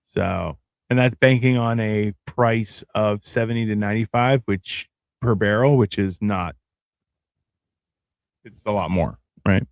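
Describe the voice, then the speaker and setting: A man's voice: lowish voice, unhurried, gravelly, no echo. A man co-hosting a casual livestream chat, explaining things in plain terms and often checking that listeners follow. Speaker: co-host.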